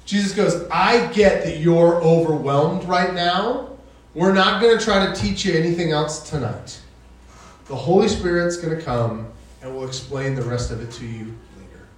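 A man's voice: a little high, normal speed. A man preaching a sermon, reading scripture and retelling it in a loose, conversational way. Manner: conversational, paraphrases scripture in casual voices. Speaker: pastor. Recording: echoey hall from far off.

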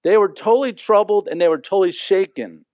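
A man's voice: high-pitched, a little fast, no room sound. A man teaching a Bible passage in an earnest, conversational way, often asking listeners to imagine the scene. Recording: dry, slightly dull lo-fi sound.

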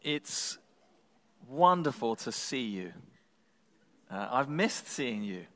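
A pastor preaching a sermon in a church, telling stories in a relaxed, humorous, conversational way. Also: male voice, mid-range voice, takes it slowly. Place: church sanctuary. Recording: long reverb in a large hall.

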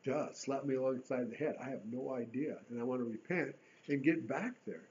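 A man preaching a sermon in an earnest way, rising to emphatic bursts and dropping to a hush. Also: medium pitch, a little fast, muffled recording, a little hiss or hum.

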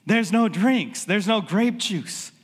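A man's voice: high-pitched, lively intonation, slow, breathy edge, big-room sound. A man preaching a sermon as a pastor, talking in a loose, conversational way with lots of filler words.

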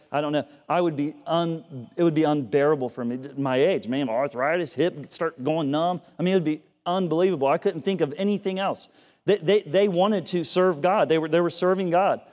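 A man's voice: fairly high pitch, darkish tone. A middle-aged male preacher giving a conversational sermon, often repeating words and telling stories from his own life. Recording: long reverb of a church hall.

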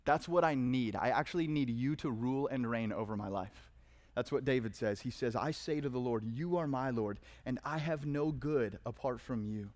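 A man's voice: mid-range voice, a little mellow. A man preaching a conversational sermon, reading verses with dramatic emphasis. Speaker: pastor.

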